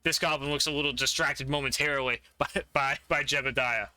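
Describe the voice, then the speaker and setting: A man with a very bright, forceful voice runs a tabletop game as game master. He narrates the combat in vivid detail and laughs often. The sound is dry and close. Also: medium pitch, steady tone, fairly quick, clean tone, no echo.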